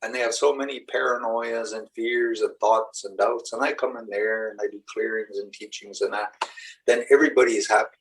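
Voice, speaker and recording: A man's voice: on the low side, steady tone, brisk, recorded from a distance, low-quality recording. A middle-aged man, a shaman and spiritual teacher, giving a rambling, earnest talk to a live group. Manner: rambling, earnest storytelling with acted-out quotes.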